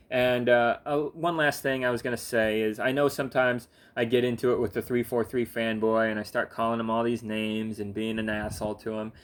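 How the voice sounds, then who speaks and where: A man's voice: mid-range voice, a bit bright. A young man, sleepy, ranting casually with lots of fillers, restarts and swearing. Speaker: gaming vlogger. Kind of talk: casual rambling rant.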